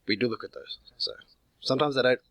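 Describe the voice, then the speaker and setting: A man's voice: mid-range voice, expressive, quick pace, fairly bright tone, no echo. A man co-hosting a casual podcast, speaking hesitantly with many ums. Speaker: podcast co-host. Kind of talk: casual chat.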